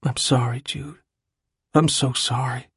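A man voicing a volatile young male artist who hurls cruel taunts and later begs forgiveness in a hushed voice. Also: mid-range voice, little pitch movement, a little slow, gravelly, husky, no room sound, clean studio sound, heavily acted. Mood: remorseful. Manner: shouting cruel taunts, breaking into whispers.

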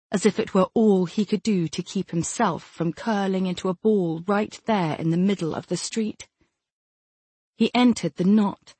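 A woman narrating an audiobook in a measured, steady reading style. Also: medium pitch, husky, dry recording. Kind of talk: scripted narration.

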